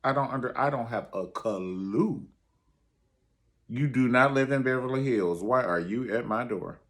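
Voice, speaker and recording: A man's voice: medium pitch, measured pace, a bit bright. A man voicing a haughty rich woman, indignant and dismissive, as he retells a scene.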